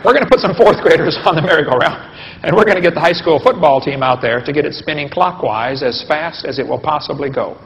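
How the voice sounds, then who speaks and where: A man's voice: fairly high pitch, fast talker, fairly bright tone. A man giving a humorous live lecture, folksy and joking, and asking the audience questions. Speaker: creation science lecturer. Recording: dull lo-fi recording with long hall reverb.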